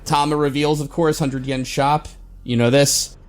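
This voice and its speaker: A man's voice: a little high, flat delivery, a little slow. A man co-hosting a podcast, giving a casual, rambling recap from his notes with many fillers and chuckles. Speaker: podcast co-host.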